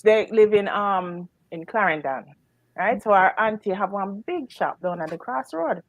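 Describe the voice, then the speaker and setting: A middle-aged Jamaican woman telling a lively story in casual patois, laughing often and acting out the voices of the people in it. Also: mid-range voice, unhurried, no echo, low-quality recording. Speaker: guest storyteller.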